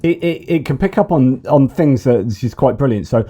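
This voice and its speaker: A man hosts his own news commentary video in a relaxed, mellow voice. He rambles along with plenty of fillers and restarts, and he keeps coming back to enthusiastic praise. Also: medium pitch, moderate pace, dull audio. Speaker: host of a news commentary channel.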